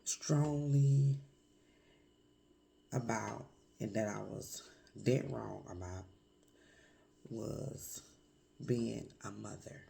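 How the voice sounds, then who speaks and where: A woman vlogger with a hoarse voice from a cold, speaking candidly and reflectively in a confessional vlog, with many pauses and fillers. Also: very deep voice, dark tone.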